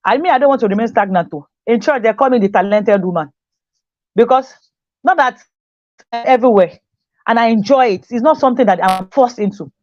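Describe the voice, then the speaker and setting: A fairly high-voiced woman teacher gives a motivational talk, pressing her points home by saying them twice. The recording is dry and dull, with a muffled lo-fi sound. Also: a little fast, a little mellow, dry recording. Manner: repeats key phrases for emphasis, acts out quoted voices.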